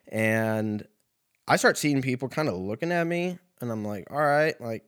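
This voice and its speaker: A man's voice: medium pitch, lively intonation, moderate pace, a bit bright. A young man hosting a podcast, telling a comedic story in a rambling, profane way full of fillers, recorded at a laundromat. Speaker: podcast host.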